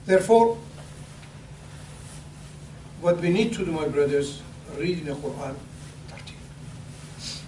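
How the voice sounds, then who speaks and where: A man's voice: a little high, lively intonation. Older man preaching in an echoey hall. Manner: halting, repeats words and restarts, rises for emphasis. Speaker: imam. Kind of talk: pre-sermon talk. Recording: echoey hall, distant mic, faint hum.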